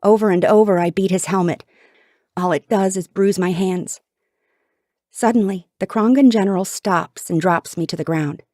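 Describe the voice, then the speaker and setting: A woman's voice: mid-range voice, normal speed, warm tone, no room sound, studio quality. A woman narrating an audiobook in the first person with an intense, dramatic delivery.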